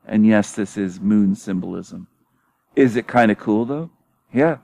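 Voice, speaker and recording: A man with a low voice talks straight into his own channel in a loose monologue. He is scornful and laughs easily. He swears and repeats himself for emphasis, and his voice has a dry, close sound. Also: measured pace, vocal fry, mellow, no echo. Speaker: YouTube channel host. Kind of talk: casual monologue.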